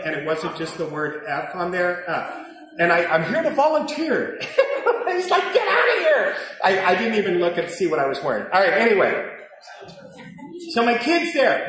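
Man telling a raw recovery story. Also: high-pitched. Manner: raw, confessional, acts out his own shouting and whispering. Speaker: recovery speaker. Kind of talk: personal testimony talk. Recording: very echoey hall with faint noise.

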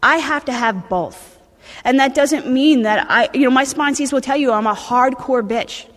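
Brash high-voiced jersey woman. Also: normal speed, in a large hall. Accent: New Jersey. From New Jersey, USA. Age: 30s. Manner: blunt, brash and animated, with swearing and stammered restarts. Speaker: recovery meeting speaker. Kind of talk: sharing at a recovery meeting.

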